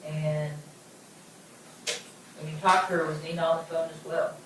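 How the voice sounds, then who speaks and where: A woman's voice: deep voice, flat delivery, normal speed, noisy background. A woman attorney steadily questioning a witness in court. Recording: distant echoey courtroom audio.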